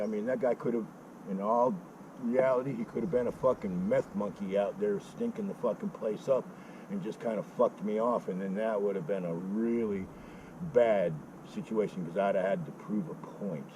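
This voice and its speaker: Male biker vlogger, low-voiced, gruff and profane, lecturing outdoors at camp; insects and traffic behind him. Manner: gruff, swears constantly, preachy. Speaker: motorcycle vlogger. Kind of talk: blunt, profane storytelling. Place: outdoors at a forest campsite.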